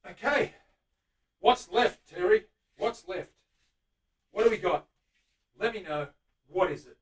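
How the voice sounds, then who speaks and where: A chatty man with a high-pitched voice hosts a live stream from his guitar workshop. He greets viewers by name and hums while he works. His voice sits back from the microphone. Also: lively intonation, slow, recorded from a distance. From Australia. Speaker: luthier host. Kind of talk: casual live-stream chat while working.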